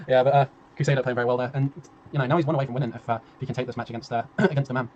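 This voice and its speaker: A man casting a strategy game tournament on a live stream, chatty and laughing, with a tiring voice that he keeps clearing. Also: mid-range voice, racing, a little mellow, highs cut off, a little hiss or hum. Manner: chatty, laughing, rambling, swears, reads chat aloud. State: voice tiring, clearing throat often. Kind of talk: casual live-stream commentary.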